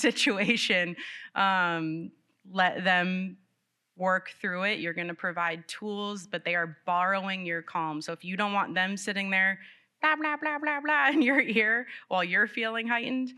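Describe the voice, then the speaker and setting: A woman special education teacher giving a live presentation to parents in a library meeting room, talking in an animated, conversational way with light laughs. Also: fairly low pitch, smooth.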